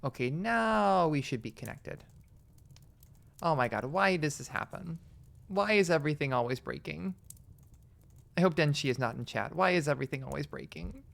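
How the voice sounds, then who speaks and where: Woman streamer reacting to a game, lively talk, slightly low, laughs often. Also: normal speed, gravelly, pauses often. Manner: chatty, giggly, thinks out loud. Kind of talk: live game stream, reading and commenting.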